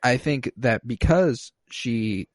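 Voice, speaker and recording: A man co-hosting a casual podcast, animatedly retelling scenes and jumping into high voices for the quotes. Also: animated, slow pace, no room sound. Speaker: podcast co-host recapping a TV episode. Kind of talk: casual chat.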